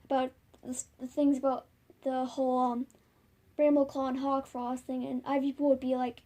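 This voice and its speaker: A woman's voice: sits high, level tone, normal speed, dark tone. A woman casually making up a fan story at home, rambling with many filler words. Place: home, by a window.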